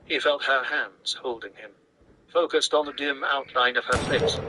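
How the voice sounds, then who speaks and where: A man reading a novel aloud in a measured, steady way. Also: mid-range voice, noisy background. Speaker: reader.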